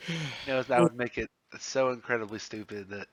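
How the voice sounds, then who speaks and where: A man's voice: mid-range voice, fairly even intonation, brisk, dry recording. A man playing a tabletop game, joking around and laughing often in casual banter. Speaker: player.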